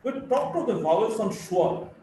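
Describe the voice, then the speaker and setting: A man teaching a live phonetics class, slowly drilling word lists and explaining stress rules. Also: high voice, sing-song, dark tone, recorded from a distance, slight background noise. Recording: echoey room, voice from afar.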